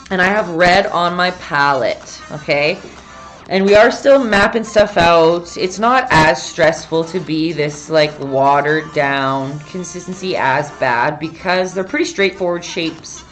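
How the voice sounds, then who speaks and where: A woman hosting a casual painting tutorial livestream, chatty, reading viewer comments aloud and breaking off mid-sentence. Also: fairly low pitch. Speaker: painting instructor and livestream host.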